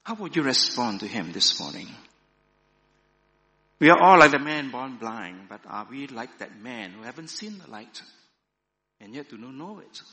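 A man preaching a sermon and reading a story aloud with slow, dramatic storytelling. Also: medium pitch, sharp tone. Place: church. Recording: echoey hall.

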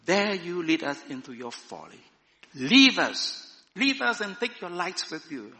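A man voicing a fearful crowd of cave dwellers in a story, high and loud. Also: big pitch swings, normal speed, in a large hall, exaggerated voice.

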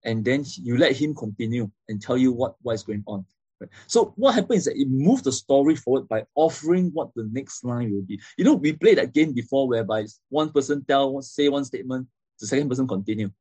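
A man's voice: medium pitch, lively intonation, a little fast, mellow, slightly rough, dry recording. A man giving a classroom lecture, explaining step by step and often checking in with "okay?" and "right?".

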